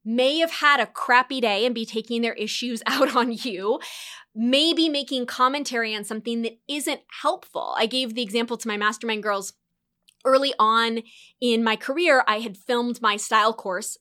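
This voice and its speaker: A woman in her thirties, an entrepreneur, reflecting in an animated solo talk with quick bursts and light laughs. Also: fairly high pitch. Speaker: entrepreneur and course creator.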